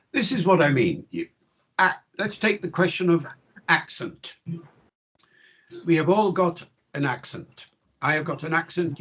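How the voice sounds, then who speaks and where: An older man, a linguistics professor, answering interview questions in a measured, reflective and emphatic way over a video call. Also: on the high side, lo-fi sound.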